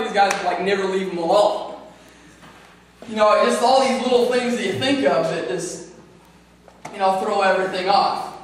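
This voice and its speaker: A man's voice: high voice, moderate pace, slight background noise. A man doing stand-up comedy at an open mic, with a rambling delivery full of fillers, talking through his own laughs. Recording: echoey room from far off.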